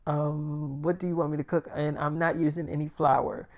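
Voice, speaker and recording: A man's voice: fairly high pitch, flat delivery, normal speed, darkish tone, natural voice. A man voicing his eager, chatty young wife in a casual, rambling way.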